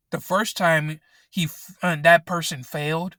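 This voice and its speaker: Here a young man vents in a rant vlog from his parked car, using a laptop microphone, angry and frustrated and cursing a lot. He has a fairly high, sharp-toned voice. There's no room sound, and the quality is studio-grade.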